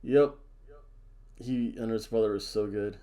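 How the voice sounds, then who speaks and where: A man's voice: on the low side, a little slow, dark tone. A man hosting a casual wrestling predictions chat, jokey and theatrical, hamming up wrestler introductions. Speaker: wrestling show host.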